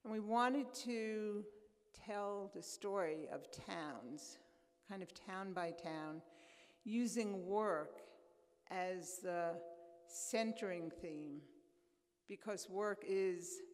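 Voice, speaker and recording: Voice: medium pitch, slow, in a large hall. A public radio presenter explains a project to a live audience. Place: church.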